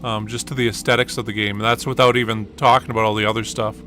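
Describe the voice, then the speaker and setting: A man's voice: lowish voice, level tone, quick pace, bright, forceful tone, slight background noise. A man giving casual gameplay commentary, rambling through a story with lots of ums and uhs. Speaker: gaming channel host.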